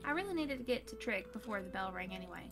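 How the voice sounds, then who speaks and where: A woman's voice: mid-range voice, very animated, fast talker, music in the background. A woman reading a visual novel aloud to friends. She narrates playfully and breaks off to joke.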